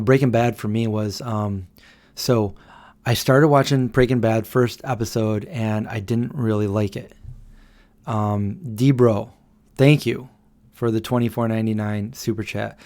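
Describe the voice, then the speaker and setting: A man in his thirties with a fairly low, somewhat dark voice hosts a casual late-night livestream from home. He chats loosely and reads out comments from viewers.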